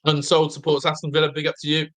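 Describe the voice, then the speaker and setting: Chatty, bright-voiced football fan host. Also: male voice, a little high, fast. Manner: chatty, excitable, reads viewer comments aloud. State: slightly blocked nose. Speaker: watch-along host. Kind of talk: live fan commentary and chat.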